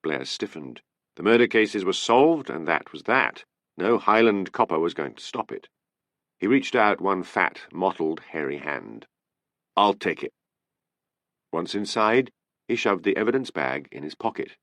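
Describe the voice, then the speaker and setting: A man narrating an audiobook in an expressive, lively reading. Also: deep voice, moderate pace, dry recording, clean studio sound. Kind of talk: scripted narration.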